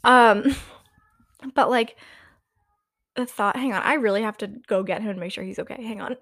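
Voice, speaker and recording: A woman's voice: mid-range voice, normal speed, a bit bright, dry recording, studio quality. A young woman talking casually and rambling, with lots of filler words and frequent laughs. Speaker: vlogger. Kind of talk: casual confessional chat.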